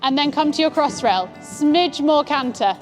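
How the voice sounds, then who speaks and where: A woman giving calm, encouraging instructions as a riding coach. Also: high-pitched, unhurried, soft background music. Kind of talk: coaching a rider. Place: outdoor riding arena.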